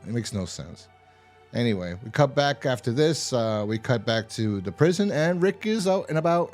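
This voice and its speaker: A man's voice: mid-range voice, a little mellow. A man casually recapping a TV episode, rambling and swearing, with exasperated asides. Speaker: TV episode reviewer.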